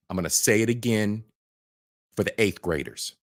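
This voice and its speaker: A man's voice: deep voice, animated, moderate pace, no room sound, clean studio sound. Profane, ranting male commentator. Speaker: reaction video host.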